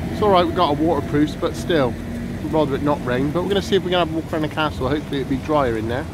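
A man narrating a casual walking vlog outdoors in light rain, chatty and rambling, filmed on a handheld camera. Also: fairly high pitch. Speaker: vlogger. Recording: noisy street with traffic.

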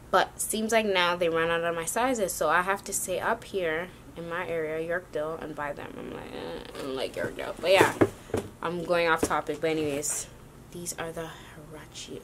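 A woman's voice: on the low side, moderate pace, a bit bright, slight background noise. A woman vlogging a sneaker haul, rambling and casual with lots of slang. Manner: chatty, rambling, slangy ("yo", "y'all").

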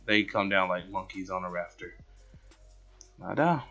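A man casually commentating over his own gameplay footage, rambling, excitable and poking fun at himself. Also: fairly low pitch, moderate pace. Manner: rambling, excitable, self-mocking. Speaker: gaming channel host. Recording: dull lo-fi with background music.

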